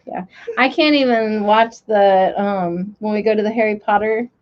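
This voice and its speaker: A woman's voice: mid-range voice, moderate pace. Chatty woman on a lo-fi stream. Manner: chatty, candid, laughs often. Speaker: livestream co-host. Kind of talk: casual chat. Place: home livestream. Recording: slightly dull lo-fi stream audio.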